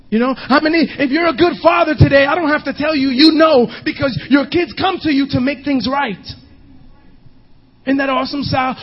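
A male pastor preaching a sermon, emphatic, often shouting and half-singing his lines. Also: very high-pitched, highs cut off.

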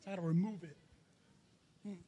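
A man's voice: high voice, steady tone, fast talker, dark tone, slightly rough, highs cut off. A man in his twenties with a New York accent, giving a casual, conversational sermon with frequent restarts and laughter. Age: 20s. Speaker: minister.

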